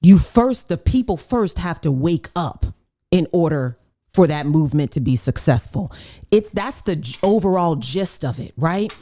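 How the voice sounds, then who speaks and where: Deep, very dark-voiced woman. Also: moderate pace. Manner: relaxed, searching for words. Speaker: co-host. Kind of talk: casual chat.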